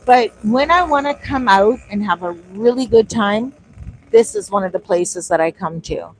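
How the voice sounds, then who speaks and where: A woman's voice: mid-range voice, normal speed, slight background noise, poor audio. A woman vlogging in casual chat outdoors on a street, recorded on a phone, telling stories animatedly and acting out the back-and-forth. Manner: animated storytelling, acting out quoted exchanges.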